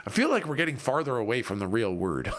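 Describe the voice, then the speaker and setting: A man's voice: mid-range voice, big pitch swings, fast, fairly bright tone, faint music behind. A man livestreaming a video game, chatting casually, joking and reading viewer messages aloud. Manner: jokey, reads chat aloud, laughs often. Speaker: streamer. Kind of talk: casual livestream chat while gaming.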